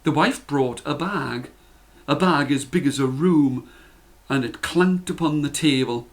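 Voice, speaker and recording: Male storyteller, fairy tale, slow and a little high. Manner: slow, deliberate, repetitive storytelling. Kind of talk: storybook narration for children.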